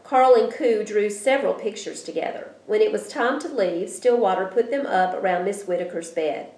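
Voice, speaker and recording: A woman reading a children's storybook aloud, with an expressive delivery. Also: medium pitch, normal speed. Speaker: reader. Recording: roomy echo.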